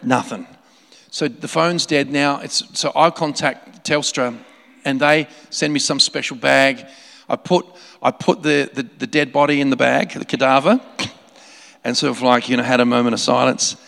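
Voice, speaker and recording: A man preaching a sermon, telling a story in an animated way with laughing asides and many restarts. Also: mid-range voice, moderate pace, vocal fry. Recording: long hall reverb.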